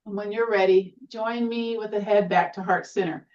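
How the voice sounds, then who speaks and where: A woman teaching a seated tai chi class, giving gentle, encouraging cues with playful exclamations. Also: medium pitch, fairly even intonation, moderate pace, recorded from a distance, highs cut off. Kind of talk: guided exercise class.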